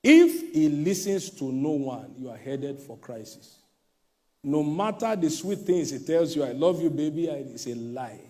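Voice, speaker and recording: High, lively-voiced male pastor preaching. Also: unhurried. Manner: emphatic preaching, swinging between shouts and hushed asides. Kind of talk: sermon.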